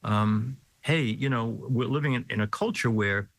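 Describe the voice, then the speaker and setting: A man's voice: medium pitch, moderate pace, no room sound, rough recording. An older man who hosts the show and performs weddings as a clergyman, asking long, winding questions and affirming his guest. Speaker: host, clergyman. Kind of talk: interview conversation.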